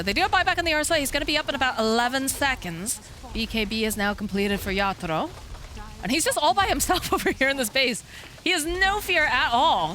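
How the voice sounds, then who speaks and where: Bright-voiced woman casting esports. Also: sits high. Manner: energetic, speeds up during fights. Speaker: esports caster. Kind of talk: play-by-play commentary.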